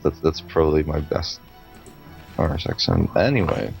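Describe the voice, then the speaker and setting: A young man with a very deep, gravelly voice trades teasing, profane banter while casting a video game match. Faint game music plays behind him. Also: very animated, moderate pace, darkish tone. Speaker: esports commentator. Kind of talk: casual game commentary.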